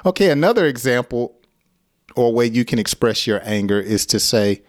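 A man teaching an English lesson, speaking slowly and deliberately and often laughing at his own examples. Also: medium pitch, lively intonation, no echo, clean studio sound.

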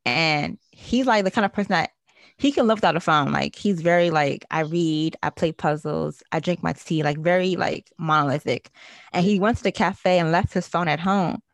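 Woman podcast co-host, animated storyteller who voices quotes, dry recording. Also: on the low side, dry recording. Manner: animated storytelling, acts out quotes, laughs often. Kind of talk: casual podcast chat.

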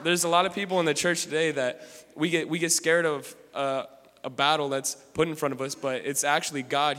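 A man's voice: a little high, sharp tone. A man preaching a sermon, reading scripture aloud and then commenting on it in casual, slangy talk with frequent restarts. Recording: long hall reverb.

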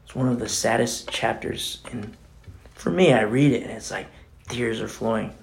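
A man's voice: medium pitch, normal speed, creaky, a little hiss or hum. A man preaching a casual, conversational sermon as pastor, often dropping in "you know" and acting out the voices in scripture.

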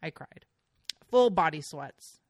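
A young woman with a notably low voice tells long, chatty stories as a podcast guest. She rambles, filling her sentences with "like" and the odd swear word. The sound is dry and close, with no room around it. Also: expressive, takes it slowly, no echo. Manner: chatty storyteller with frequent fillers and swearing. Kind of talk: casual chat.

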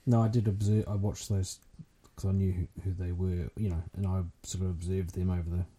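A man's voice: low voice, little pitch movement, fairly quick, mellow, breathy edge. A man in casual chat, hesitant and self-deprecating, with many fillers. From New Zealand.

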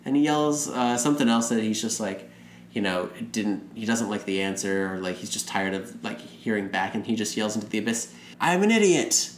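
A man's voice: fairly low pitch, fairly even intonation, normal speed. A man casually recapping a movie in a rambling way, acting out the characters' lines as he goes. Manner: rambling, retells scenes with acted quotes. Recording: roomy room with faint noise.

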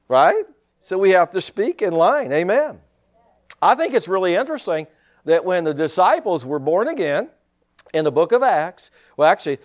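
Animated preacher man, pitch swinging widely. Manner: animated, rhetorical questions, chuckling asides. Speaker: pastor. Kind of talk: sermon.

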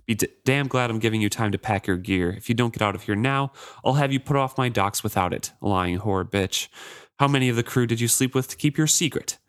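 A man reading aloud and voicing a gruff, angry male ship captain, snapping and contemptuous, in a dry room. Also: medium pitch, brisk, fairly bright tone, no room sound, natural voice. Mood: furious.

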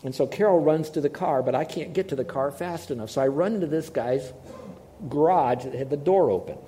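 A man's voice: a little high, a little fast, warm tone, a little hiss or hum. A man preaching a sermon in a conversational, storytelling way, asking his listeners questions as he goes. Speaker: pastor. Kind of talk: sermon with personal stories.

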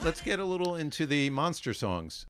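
A man's voice: on the high side, very animated, moderate pace, loud music behind the voice. A man co-hosting a podcast in casual chat, easygoing and explaining things with plenty of fillers. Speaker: podcast co-host.

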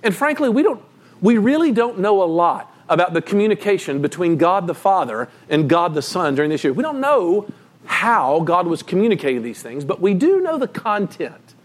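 A man preaching a sermon as pastor, telling the story with emphatic, animated delivery. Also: moderate pace. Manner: animated, emphatic storytelling with sudden pitch jumps.

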